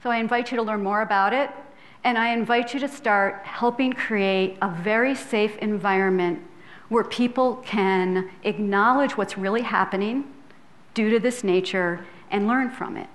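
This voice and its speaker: Speaking in a mid-range voice at a moderate pace, this public health professor, a middle-aged woman, gives an earnest, chatty lecture in a hall being filmed. She keeps checking in with listeners using tag questions and is occasionally tearful.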